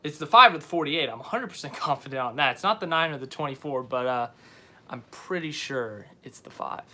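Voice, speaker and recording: A man's voice: medium pitch, lively intonation, a little fast, pushed and bright. A young man hosting a casual live stream, rambling and often correcting himself as he answers viewers. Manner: rambling, unsure, self-correcting.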